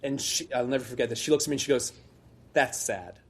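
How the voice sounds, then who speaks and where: A man's voice: mid-range voice, steady tone, very fast. A man, middle-aged, a guest telling a long self-deprecating story in a rambling casual way with many restarts. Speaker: guest, liqueur brand founder.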